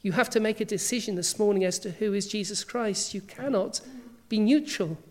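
A woman's voice: mid-range voice, a little fast, a little mellow. Woman preaching a sermon, emphatic. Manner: emphatic, asks many rhetorical questions.

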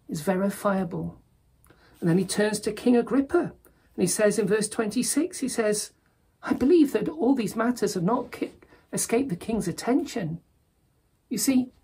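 A woman's voice: a little high, vocal fry, mellow, breathy edge. A woman preaching a sermon in an earnest manner, rising to emphatic.

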